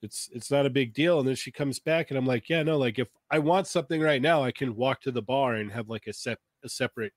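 Male friend in casual chat, mid-pitch, relaxed, dry mic. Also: quick pace, hardly any pauses, no echo. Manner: jumps in to add his side of the story, relaxed.

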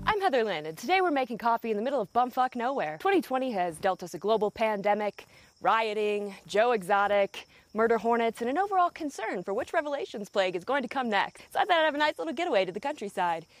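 A young woman narrates a scripted comedy vlog out in the countryside, her voice swinging widely in pitch. She is profane, sarcastic and exasperated, and she sits a little above the usual pitch for a woman. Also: very animated, fast, dry recording. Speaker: comedy video host. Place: outdoors in the countryside.

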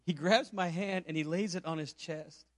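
High-voiced storytelling preacher from Puerto Rico. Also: male voice, normal speed, no echo. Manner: storytelling, rhetorical questions. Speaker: pastor. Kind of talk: sermon.

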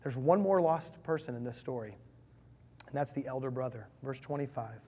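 A pastor preaching a sermon in an emphatic, conversational way, with a husky voice and phrases stacked in threes. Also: male voice, mid-range voice, normal speed, a little mellow.

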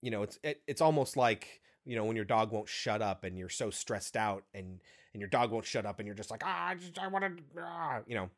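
A man co-hosting a podcast, chatting casually about a film in an animated, profane way with quick asides. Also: lowish voice. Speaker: podcast co-host.

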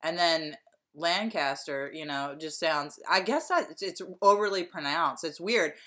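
A woman's voice: deep voice, normal speed, pushed and bright. A woman, rambling through a casual podcast chat. She swears freely and fills her sentences with ums and likes. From Pennsylvania. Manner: profane, rambling, frequent fillers. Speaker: podcast co-host.

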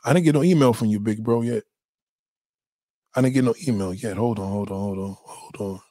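A man hosting a livestream, reading chat and ranting in a blunt, mocking, animated way. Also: on the low side, brisk, no echo, studio quality. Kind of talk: casual profane rant.

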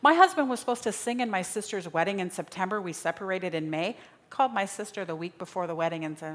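A woman's voice: lowish voice, animated, quick pace, fairly bright tone. A woman preaching a sermon in a dramatic style, repeating phrases for emphasis. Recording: long reverb of a large hall.

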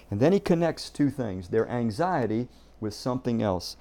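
A man preaching a sermon, earnest and emphatic, often doubling a word as he starts a thought. His voice is warm and mellow in tone, with pitch in a middling range for a man. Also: expressive, a little fast, vocal fry. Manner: earnest, emphatic, repeats words when starting sentences. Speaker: pastor.

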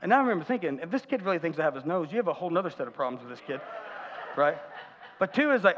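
A man's voice: a little high, expressive, fast, a bit bright, a little hiss or hum. A man preaching a conversational sermon as pastor, with humorous asides and audience questions. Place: church sanctuary. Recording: muffled church hall reverb.

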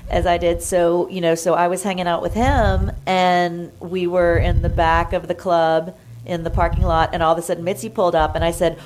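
A woman telling a story in a casual chat, animated, acting out what others said in higher voices. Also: normal speed, slight background noise, rough recording. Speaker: guest.

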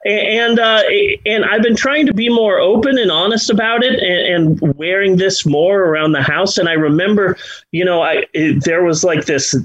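Here a middle-aged podcast host talks at a moderate clip, his voice sitting high with a fairly bright tone. The chat is casual and meandering, self-deprecating, with lots of restarts, and the sound is lo-fi.

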